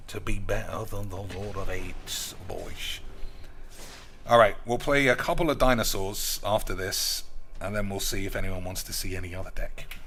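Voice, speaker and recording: A man's voice: on the low side, bright, forceful tone, slight background noise. A man giving casual, crude, rambling commentary while streaming a card game, swearing freely and calling his viewers boys.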